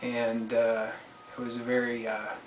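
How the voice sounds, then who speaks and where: A man hosting his own online commentary show, talking alone in a halting, deliberate way. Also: medium pitch, completely flat delivery, faint music behind. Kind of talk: solo spoken monologue. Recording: echoey room, distant mic, faint noise.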